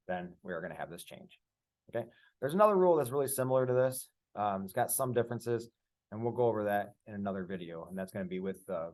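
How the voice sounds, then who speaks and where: Male language teacher, lowish warm voice, patient step-by-step explainer for a screen lesson. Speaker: Spanish teacher. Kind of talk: screen-share grammar lesson.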